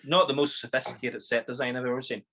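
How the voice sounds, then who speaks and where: A man's voice: medium pitch, fairly even intonation, quick pace, fairly bright tone, slight background noise. A man with a Northern Irish accent co-hosting a casual film review, dropping wry, sarcastic asides. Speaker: podcast co-host.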